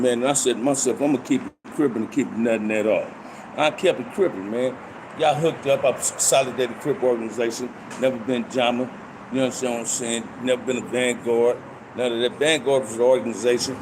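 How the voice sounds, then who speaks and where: An older man telling stories from his past in casual street slang, and he gets animated when he reenacts fights. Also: mid-range voice, brisk, background noise. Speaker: storyteller recounting prison life. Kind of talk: casual storytelling monologue.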